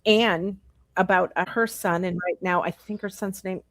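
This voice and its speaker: Convidada de podcast, mulher, narra de forma sincera e animada; som seco e próximo. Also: female voice, mid-range voice, steady tone, normal speed, a bit bright, dry recording. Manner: earnest storyteller acting out quoted dialogue. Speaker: podcast guest. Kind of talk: live podcast Q&A, storytelling.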